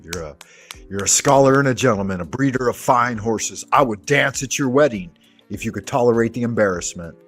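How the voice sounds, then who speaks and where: A man's voice: medium pitch, animated, a little fast, a bit bright, faint music behind. A man hosting a livestream, chatting casually with viewers in crude, profane banter. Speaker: livestream host.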